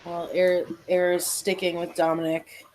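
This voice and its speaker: A woman playing a tabletop game, describing what her character does in a halting, hesitant way. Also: lowish voice, monotone, darkish tone, rough recording. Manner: hesitant, halting, laughs often.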